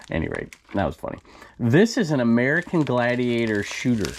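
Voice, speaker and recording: A man's voice: mid-range voice, sing-song, a little fast, slight background noise. A man reselling secondhand goods, talking casually to camera in an opinionated, rambling way. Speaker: reseller vlogger.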